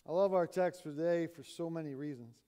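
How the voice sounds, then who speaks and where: A man's voice: on the high side, a little fast, warm tone. A male pastor delivering a sermon in a church, telling a story as he preaches. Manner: storytelling, retelling a conversation. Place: church sanctuary.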